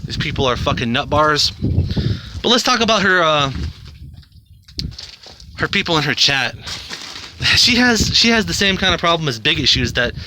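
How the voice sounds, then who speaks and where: A man's voice: a little high, sing-song, unhurried, pauses often, background noise. A man rambling bluntly to camera in a casual monologue, swearing a lot. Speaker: video host.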